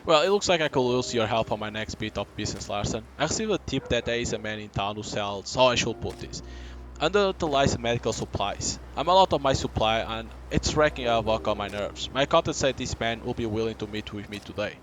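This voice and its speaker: A man's voice: medium pitch, lively intonation, fairly quick, noisy background, natural voice. An actor playing a crude, bullying businessman in a video game, speaking curtly and with scorn. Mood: scornful. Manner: curt and scornful.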